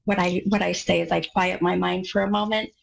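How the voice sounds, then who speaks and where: A woman's voice: on the low side, fairly even intonation, a little fast, gravelly, low-quality recording. An American woman hosting a live call-in psychic radio show, talking in an effusive, gushing way with many fillers. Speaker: radio psychic medium host.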